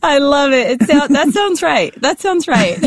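A woman's voice: high-pitched, animated, unhurried, dry recording, studio quality. A woman hosting an interview, with an encouraging, affirming manner. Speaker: host. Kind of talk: casual interview.

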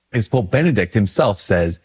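A man's voice: fairly low pitch, slightly rough. A man, a priest hosting a video, talking casually and animatedly with self-deprecating humor. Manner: animated, self-deprecating, jumps into quoted voices. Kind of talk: casual talk to camera.

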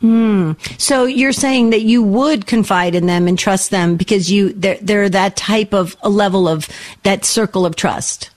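A woman's voice: mid-range voice, measured pace, a little mellow. Encouraging woman radio host. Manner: affectionate, encouraging. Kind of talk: call-in radio talk.

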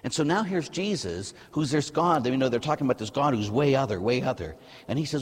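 A middle-aged American man, a priest giving a lively, conversational sermon in a church. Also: mid-range voice, brisk, few pauses, husky, in a large hall. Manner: lively, conversational preaching, asks the audience "huh?".

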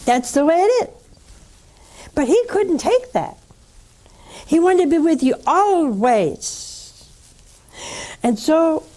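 Slow mellow-voiced older woman preaching. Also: high-pitched. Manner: slow, earnest preaching with rhetorical questions. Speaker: nun hosting a call-in religious program. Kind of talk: sermon and call-in counsel.

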